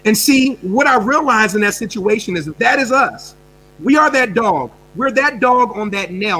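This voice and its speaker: A man, a guest coach, answering a question with an energetic, animated story, repeating words and jumping between fast bursts and quiet drops. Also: high-pitched, a little hiss or hum, poor audio. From United States.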